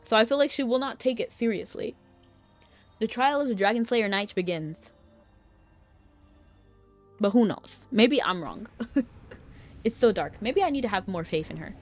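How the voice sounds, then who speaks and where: A woman's voice: a little high, animated, moderate pace, pauses often, soft background music. A young adult woman streaming a game, chatting casually, often giggling and rambling between read-out dialogue.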